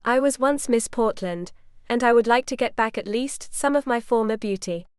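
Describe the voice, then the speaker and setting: A woman's voice: on the high side, moderate pace, smooth, no room sound, clean studio sound, lightly acted. A woman voicing a blunt, sassy older waitress who talks bossily.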